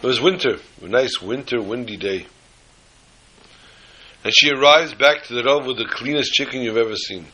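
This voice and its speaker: A man's voice: medium pitch, moderate pace, pauses often, pushed and bright, husky, poor audio. A man telling a story in a sermon, dramatically voicing the characters.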